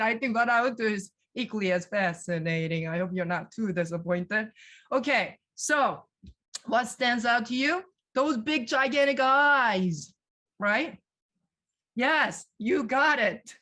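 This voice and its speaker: A woman with a fairly high pitch runs a live virtual museum tour through a video call. Energetic throughout, she asks her audience questions and reads their answers back out loud.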